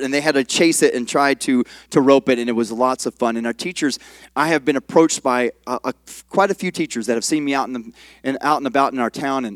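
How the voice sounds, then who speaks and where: A male pastor giving a sermon in a folksy, halting way, with many fillers and restarts. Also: medium pitch, no room sound. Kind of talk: sermon with a told joke. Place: church sanctuary.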